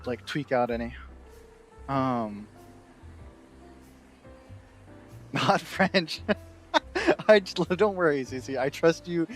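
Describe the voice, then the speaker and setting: A man chatting casually on a stream, excitable and rambling, laughing often. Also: medium pitch.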